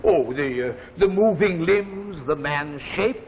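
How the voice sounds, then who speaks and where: An actor playing a genial, chuckling retired old professor with failing eyesight, in a live 1950s TV drama. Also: male voice, a little high, lively intonation, slow, slight background noise. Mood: genial musing. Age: older. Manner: chuckling, theatrical, musing. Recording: dull 1950s TV audio in a reverberant set.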